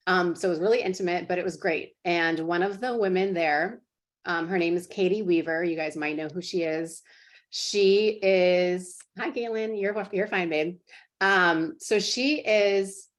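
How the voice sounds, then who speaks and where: Chatty woman coaching her sales team. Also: on the low side. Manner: chatty, filler-heavy, earnest and encouraging. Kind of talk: casual motivational talk to a team call.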